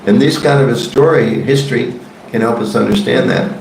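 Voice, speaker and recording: A man leads a devotional scripture class in a casual, joking tone, often turning to question his listeners. His voice is gravelly at mid pitch and rings in an echoey temple hall. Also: fairly quick, darkish tone, slight background noise. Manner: conversational, joking, asks the audience questions. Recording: echoey room.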